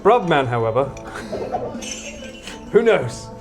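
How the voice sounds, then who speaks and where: A man's voice: medium pitch, big pitch swings, drawn-out words. A man hosting a casual chat over drinks in a bar, teasing and joking. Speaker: host. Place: bar or pub. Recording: music playing in background.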